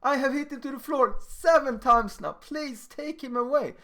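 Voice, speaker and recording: A man voicing a big crying schoolboy who pleads with his teacher in a whiny, drawn-out voice. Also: very high-pitched, pushed and bright, voice pushed up, full character voice. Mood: pleading.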